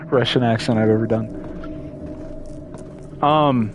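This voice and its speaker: A man's voice: mid-range voice, slow pace, pauses often, over music. A young man chatting casually while streaming a game, rambling and stumbling over words as he reads aloud. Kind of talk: casual gameplay commentary.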